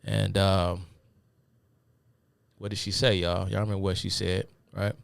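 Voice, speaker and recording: Male host, casual lecturer who wanders and fills pauses; very low voice, dry close recording. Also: level tone, creaky, no echo. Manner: rambling, many fillers, addresses viewers as y'all. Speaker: host of a live talk stream. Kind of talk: casual live-stream lecture.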